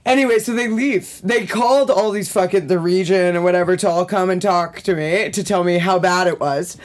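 A young woman telling a story in a casual podcast chat, animated, swearing freely and laughing often. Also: lowish voice, normal speed. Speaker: podcast guest.

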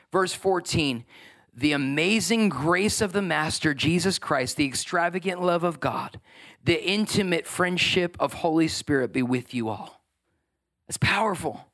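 High-voiced man preaching a sermon. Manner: energetic preaching, rising in pitch when stressing points. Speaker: pastor.

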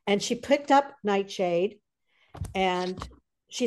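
A woman's voice: lowish voice, a little slow, mellow. A woman guest author telling a story in a casual way, with fillers along the way. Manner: anecdotal, with fillers.

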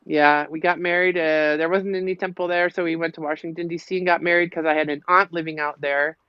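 A woman's voice: low voice, fairly even intonation, a little fast, smooth, no room sound. A middle-aged woman with a Minnesota accent tells her story as a podcast guest, chatty and meandering. The recording is dry and a little dull. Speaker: podcast guest, local piper. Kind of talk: casual interview chat. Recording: slightly muffled, dull audio.

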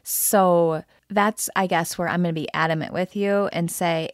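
A woman's voice: fairly low pitch, moderate pace, hardly any pauses, no echo, clean studio sound. A woman co-hosting a podcast, talking frankly and emphatically with her partner, often repeating phrases for stress. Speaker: podcast co-host. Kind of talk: candid couple conversation.

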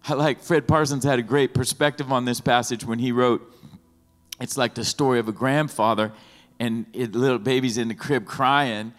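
A man preaching a sermon as pastor in an animated, lively way, often acting out the voices of the people in his stories. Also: mid-range voice, moderate pace. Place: church sanctuary. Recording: long hall reverb with faint music.

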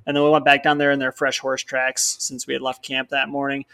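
A young Wisconsin man co-hosting a podcast rambles through a hunting story in a brisk, smooth, mid-range voice. He's an animated storyteller who acts out what other people said in dialogue.

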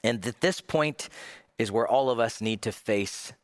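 A man's voice: medium pitch, a little slow, no echo, clean studio sound. A male pastor preaching a sermon, dramatic, acting out the voices he quotes.

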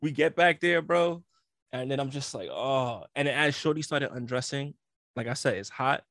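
Young man telling an animated, slangy story. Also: medium pitch, normal speed, dry recording, studio quality. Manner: slangy, animated storytelling with frequent laughs and acted-out quotes. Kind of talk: casual chat.

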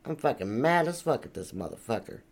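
A man's voice: mid-range voice, very animated, brisk. A man in crude improvised comedy banter, brash and swaggering, cursing freely and rapping with bravado. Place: studio.

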